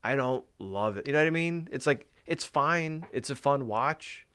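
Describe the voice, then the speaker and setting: A man's voice: medium pitch, expressive, normal speed, a bit bright, clean tone. A man co-hosting a casual podcast, rambling and swearing freely with lots of fillers, his voice tired from talking all day. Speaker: podcast co-host.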